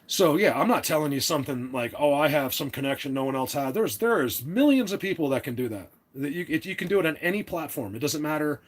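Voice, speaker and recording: A man's voice: fairly high pitch, lively intonation, fast, few pauses. A man hosting a casual livestream, talking to his chat in an opinionated, rambling way with many restarts. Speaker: livestream host.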